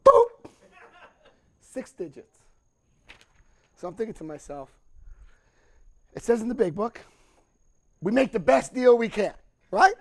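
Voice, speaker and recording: A middle-aged man telling a lively personal recovery story to a group, acting out voices and laughing often. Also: sits high, a little slow, vocal fry, long pauses. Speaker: recovery speaker.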